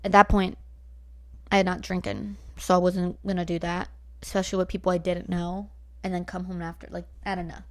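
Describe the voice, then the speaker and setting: A woman's voice: fairly low pitch, level tone, fairly quick. A nineteen-year-old woman from Northern California, ranting bluntly at home into her laptop mic, swearing freely and filling her talk with likes and rights. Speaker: vlogger. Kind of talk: casual ranting storytime. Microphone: laptop built-in mic.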